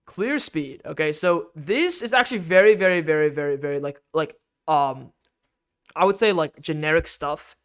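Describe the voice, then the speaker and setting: A man's voice: a little high, animated, moderate pace, a bit bright, smooth. A man giving an instructional game guide as a coach, emphatic and repetitive, often checking in with "okay?".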